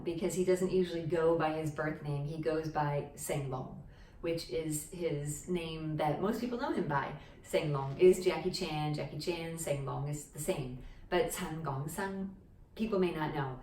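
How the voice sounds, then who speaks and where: In an echoey indoor room with a board, a woman gives a casual, chatty language lesson, explaining step by step and often asking "okay?" Her voice is low and somewhat dark, with a slight hiss or hum, and the mic sits at a distance.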